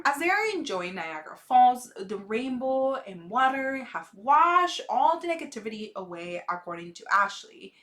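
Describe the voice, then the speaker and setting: A woman's voice: fairly high pitch, fairly bright tone. A woman hosting a recap vlog, chatty and opinionated as she gossips through a show episode. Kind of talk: casual gossip commentary.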